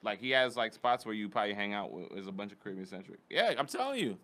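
A man hosts a comedy podcast, talking quickly in a bright, forward voice. He keeps prodding his co-host with playful questions in casual banter. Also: lowish voice, big pitch swings. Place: podcast studio.

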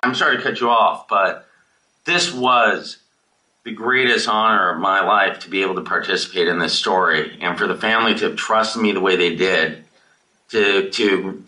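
A film director answering audience questions over a video call, rambling and emotional, swearing casually. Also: male voice, on the low side, bright, forceful tone, rough recording.

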